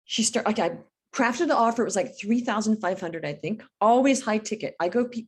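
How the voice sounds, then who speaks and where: A woman's voice: mid-range voice, expressive, brisk, a little mellow, breathy edge. Blunt, emphatic middle-aged businesswoman. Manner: emphatic, blunt, acts out dialogue. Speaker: business coach guest. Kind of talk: casual podcast interview storytelling.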